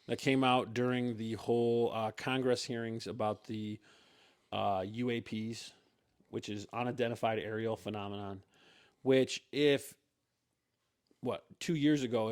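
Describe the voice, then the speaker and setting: A man hosting a podcast in casual chat, teasing and wry as he leads the talk, into a mic on a stand. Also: medium pitch. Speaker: podcast host.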